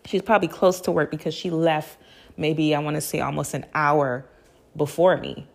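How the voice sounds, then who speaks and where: A young woman telling a story to her listeners on a podcast. Her voice is a little low, and she talks in a loose, slangy way. She swears freely and breaks into laughter often. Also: steady tone, normal speed, gravelly. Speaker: podcast host. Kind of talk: casual storytelling.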